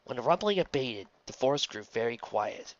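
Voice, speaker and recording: A wry, animated reader narrating a fan story aloud, on a dull lo-fi recording. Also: mid-range voice, moderate pace.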